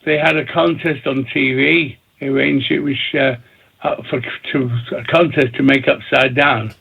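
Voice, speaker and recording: Gravelly husky man over a phone line. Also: medium pitch, fairly even intonation, normal speed. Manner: talks in bursts, repeats himself, many restarts. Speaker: record producer and DJ guest. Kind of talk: rambling interview storytelling. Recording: tinny phone-line audio.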